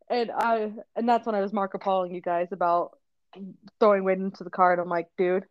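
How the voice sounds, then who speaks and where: A woman co-hosting a parenting podcast, telling a lively story in casual chat, acting out quotes and laughing often. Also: medium pitch, moderate pace, no echo, lo-fi sound. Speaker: podcast co-host, mother.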